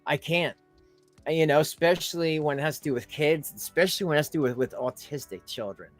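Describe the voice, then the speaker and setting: A man rants in reaction commentary, heaping sarcasm and scorn on his target. His voice sits a little higher than most men's, and soft music plays faintly underneath. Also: fast, no echo. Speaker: commentary channel host.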